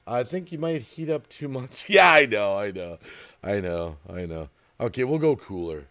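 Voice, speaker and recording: A man's voice: lowish voice, animated, normal speed, fairly bright tone. Middle-aged male streamer, casual and rambling, reads viewer comments aloud. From Wisconsin, USA. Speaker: live streamer. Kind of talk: casual live stream chat.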